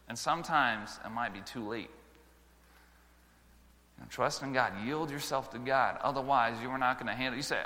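A man preaching a sermon to schoolchildren, telling stories with lively swings between loud exclamations and quiet earnest moments. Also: medium pitch, long reverb tail. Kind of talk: sermon with storytelling.

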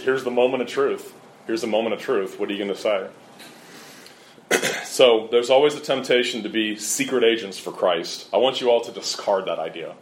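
A middle-aged man preaching a sermon with earnest, emphatic delivery and lively storytelling. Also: fairly low pitch. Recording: roomy echo.

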